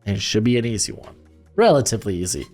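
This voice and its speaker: A man's voice: lowish voice, very animated, fast, darkish tone, soft background music. A man giving casual football commentary as host, loose and rambling with lots of fillers and restarts.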